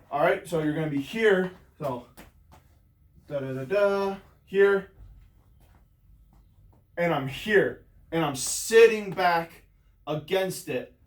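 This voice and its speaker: A man with a fairly high voice coaches hammer throw technique, out of breath as he demonstrates the moves. He explains loosely and rambles with many fillers, speaking away from the mic in a room with a roomy echo.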